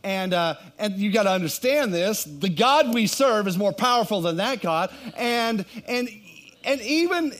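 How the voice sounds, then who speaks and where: A man's voice: high voice, lively intonation, a little slow, fairly bright tone, pitched above the performer's own voice. A man voicing defiant young exiles who politely refuse a king's orders. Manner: polite yet unyielding. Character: defiant young male exiles, respectful but firm.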